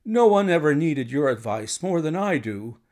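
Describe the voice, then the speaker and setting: Male narrator doing a nervous, pleading heavyset man; jittery, lively pitch. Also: normal speed. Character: fat, nervous, jumpy middle-aged man.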